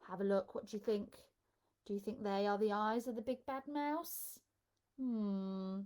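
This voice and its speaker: A woman children's entertainer reading a picture book aloud in a live storytime, expressive and coaxing the children to join in. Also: on the high side, slow pace.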